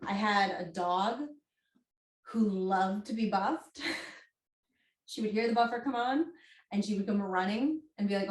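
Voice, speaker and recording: Chatty woman teaching in a roomy space. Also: medium pitch. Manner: chatty and jokey, with frequent ums. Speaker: movement and bodywork instructor. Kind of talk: casual instructional class. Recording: roomy echo.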